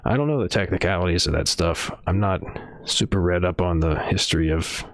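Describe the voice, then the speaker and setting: A man's voice: sits low, fairly quick, a bit bright, no echo, clean studio sound. A man streaming casual news commentary at home, rambling and swearing, with many fillers and hedges. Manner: rambling, profane, hedging with fillers.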